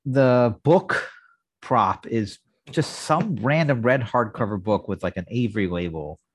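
A man's voice: mid-range voice, lively intonation, a little slow, a little hiss or hum. A man hosting a podcast, chatting casually in a dry, blunt, critical way. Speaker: podcast host. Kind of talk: casual chat.

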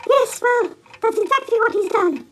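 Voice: very high-pitched, normal speed, fairly bright tone, slight background noise. A performer voicing Ig, a timid, worried helper who stammers and hesitates and is out of breath. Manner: hesitant, many ums and stammers.

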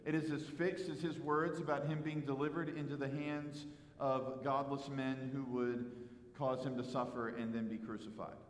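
A man preaching an expository sermon as pastor, animated, acting out the quoted dialogue. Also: medium pitch, normal speed. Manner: animated, acts out quoted dialogue, some repeated words. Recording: echoey hall with long reverb.

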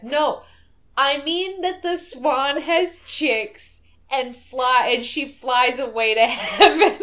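A woman co-hosting a podcast in casual chat, retelling a scene with quick acted-out quotes. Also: high-pitched, a bit bright. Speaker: podcast co-host.

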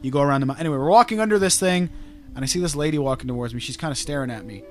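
A man hosting a podcast, telling stories and teasing his friends in crude, quick banter. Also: on the high side, faint music behind. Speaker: podcast host.

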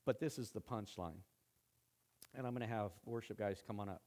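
A male pastor giving a conversational sermon, with a voice that swells louder when he presses a point. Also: on the low side, a little fast.

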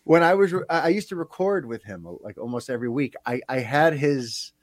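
A man's voice: medium pitch, brisk, no room sound. A man hosting a podcast, talking casually and animatedly with plenty of fillers. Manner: animated, chatty, lots of fillers. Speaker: podcast host.

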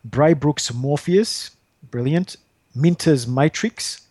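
A man's voice: medium pitch, moderate pace, a little mellow, no room sound. A man hosting a podcast, chatting casually and reading out listener lists in a jokey, self-deprecating way. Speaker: podcast host.

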